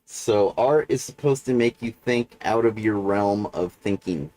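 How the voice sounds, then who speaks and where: A man hosts a livestream with a wandering monologue packed with fillers and frequent "right?" check-ins. His lowish voice is warm and measured, recorded with no room sound.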